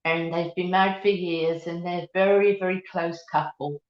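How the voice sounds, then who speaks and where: A woman's voice: lowish voice, fairly even intonation, moderate pace. A woman from the East End of London with a Cockney accent, hosting a casual live-stream chat and calling her viewers sweetheart and darling. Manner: chatty, affectionate, calls viewers sweetheart and darling. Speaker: beauty channel host. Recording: roomy, dull lo-fi home stream.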